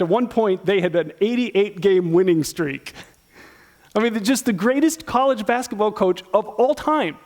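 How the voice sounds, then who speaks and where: A middle-aged man preaching a sermon in a church, talking casually and acting out Bible characters as he teaches. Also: sits high. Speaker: pastor.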